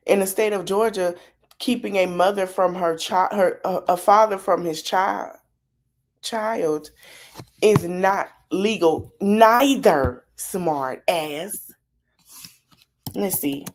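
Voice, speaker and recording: A woman's voice: fairly low pitch, slight background noise. A woman hosting a live podcast stream, reacting to a video with blunt, sassy, mocking commentary full of slang. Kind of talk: livestream commentary.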